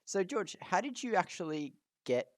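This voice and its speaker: A man's voice: high voice, very animated, normal speed, dry recording. A young man co-hosting a casual podcast, upbeat and encouraging as he asks questions. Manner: upbeat and encouraging, laughs readily. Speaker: podcast co-host.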